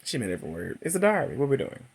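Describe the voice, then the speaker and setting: Animated, chatty man reviewing a movie. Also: racing, gravelly, husky. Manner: chatty and animated, acting out quotes in a high voice, laughing. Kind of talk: casual movie recap and review.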